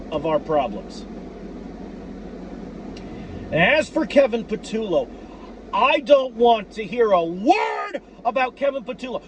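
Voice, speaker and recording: High-voiced man ranting, profane and fired up. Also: slight background noise. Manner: profane, worked-up, repeats himself, breaks into shouts. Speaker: sports fan vlogger. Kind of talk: ranting fan commentary.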